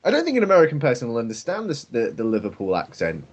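A man's voice: mid-range voice, huge pitch swings, fast, husky. A man with a Birmingham accent chatting casually and swearing, joking in mock voices. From England. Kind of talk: casual chat.

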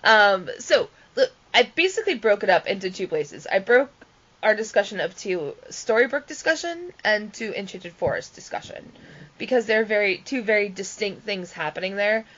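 A woman hosts a casual chat and steers the talk with animated questions. Her pitch swings widely as she talks. The sound is dull and lo-fi. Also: moderate pace. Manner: animated, leads the discussion, laughs often. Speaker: podcast host.

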